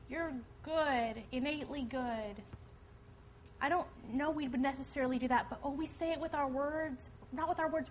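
A woman's voice: high voice, slight background noise, poor audio. Earnest woman giving a church talk. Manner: earnest, emphatic, preaching to the audience. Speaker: speaker at a church women's event. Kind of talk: testimony talk to an audience.

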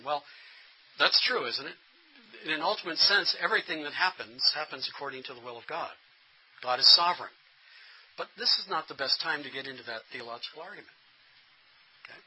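A man's voice: a little high, moderate pace, long pauses, bright, forceful tone, breathy edge, rough recording. A middle-aged man giving a workshop lecture to pastors, earnest and plain-spoken, often restarting his sentences. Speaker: instructor training pastors.

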